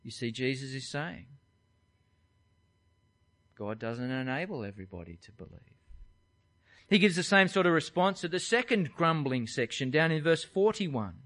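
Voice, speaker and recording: A man's voice: fairly high pitch, sing-song, normal speed, a bit bright. A man, preaching by talking through a Bible passage verse by verse in a conversational way. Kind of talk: expository Bible teaching.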